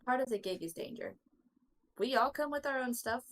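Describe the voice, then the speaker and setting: A woman's voice: high voice, animated, moderate pace. A woman playing a tabletop role-playing game, speaking in character firmly and emphatically, repeating phrases for weight. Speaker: tabletop role-play player.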